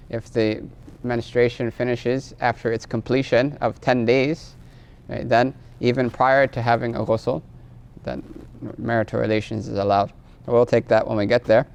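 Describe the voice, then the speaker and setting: Male teacher, classroom lecture, gravelly edge, keeps asking "right?". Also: medium pitch. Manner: tags phrases with a questioning "right?"; explains patiently, quizzes the class. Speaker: teacher of Islamic law.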